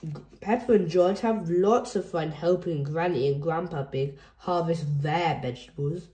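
A woman reading a children's picture book aloud in a gentle storytelling manner. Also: low-pitched, moderate pace. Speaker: storybook reader.

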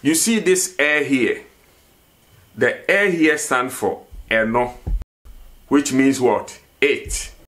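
A man's voice: medium pitch, a bit bright. A man teaching a vocabulary lesson, repeating each word and asking questions for the learner to answer. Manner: slow, repeats words and asks questions. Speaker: language teacher.

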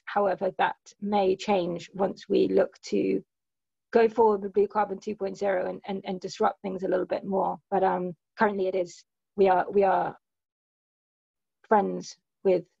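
A woman with a gravelly voice talks through policy questions on a video call, pausing with frequent fillers. The sound is dry and dull, like computer-mic audio. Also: medium pitch, a little mellow, dry recording. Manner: hesitant, many fillers. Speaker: speaker answering questions on a webinar. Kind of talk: casual explanatory talk.

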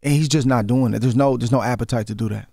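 A man's voice: mid-range voice, fast, creaky, mellow, dry recording. A man in his forties with an Oakland accent, a former boxer speaking as a guest in a radio studio interview, earnest and often repeating words as he builds his point. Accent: Oakland, Bay Area. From Oakland, California. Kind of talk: casual interview conversation. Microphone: studio microphone.

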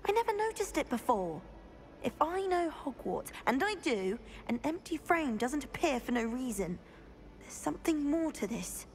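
A woman's voice: high-pitched, very animated, normal speed. A woman playing a curious schoolgirl student, chatty and earnest, a little flustered over a mystery. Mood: puzzled.

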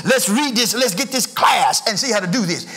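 High, bright-voiced preaching pastor. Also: male voice, expressive, moderate pace. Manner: preaching with sing-song rises and shouted emphasis. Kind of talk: sermon. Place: church sanctuary.

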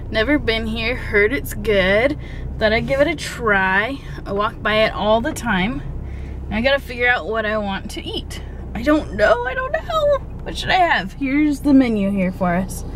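A bubbly, giggly vlogger chats casually while driving in her car, tossing in sing-song asides. Her voice sits a little high with a fairly bright tone, and there's slight background noise.

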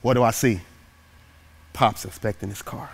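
A man giving a motivational speech through storytelling, animated and dramatic, swinging from loud peaks to hushed asides. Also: fairly low pitch, normal speed, gravelly. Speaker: motivational keynote speaker.

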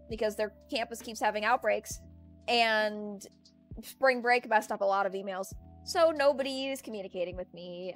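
This young adult woman talks casually on a home stream, her voice a little high and fairly bright. She rants, chatters on, and laughs frequently over a faint music playlist.

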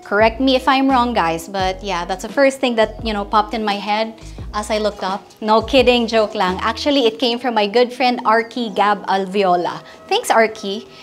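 A woman's voice: mid-range voice, moderate pace, faint music behind. A woman with a Filipino accent hosting a casual house tour, chatty and playful, joking with her viewers as she walks room to room. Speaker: real estate house tour host. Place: inside a large house, walking room to room.

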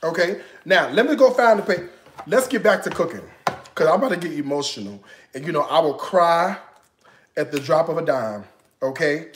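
A man hosting a live-stream cooking show, excitable and playful, swinging from hushed asides to loud bursts. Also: a little high, moderate pace, slight background noise. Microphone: live-stream setup.

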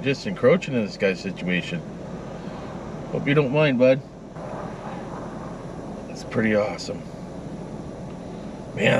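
A man's voice: lowish voice, creaky, noisy background. A man chatting casually while flying a drone outdoors by a frozen river, talking to the drone and the birds. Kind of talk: casual running commentary.

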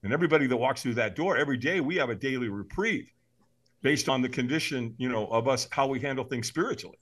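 A man's voice: mid-range voice, quick pace. A man, a podcast guest, telling a story with animation, acting out voices and laughing often. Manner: lively, acts out voices in his stories, laughs often.

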